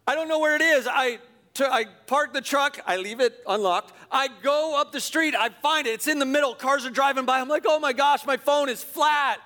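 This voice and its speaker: A middle-aged man, a pastor, telling a self-deprecating story in a sermon, animated and chuckling as he goes. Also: extremely high pitch, brisk. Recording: long hall reverb.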